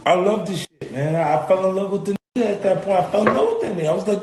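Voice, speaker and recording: Animated man telling a story, echoey room. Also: sits high, fast. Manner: profane, animated, acts out quoted voices. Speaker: rapper recalling an encounter. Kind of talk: casual storytelling.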